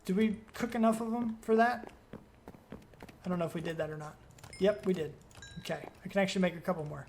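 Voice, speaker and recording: A man's voice: sits high, a little fast, vocal fry, darkish tone, a little hiss or hum. A man giving let's play commentary as a gaming video creator, rambling and thinking aloud as he questions himself.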